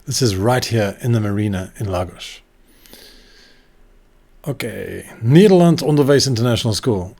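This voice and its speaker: A man's voice: lowish voice, expressive, normal speed, gravelly, pauses often, mellow. Chatty man hosting a casual vlog. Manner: chatty, conversational, with fillers and asides to viewers. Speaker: vlog host. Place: indoor room.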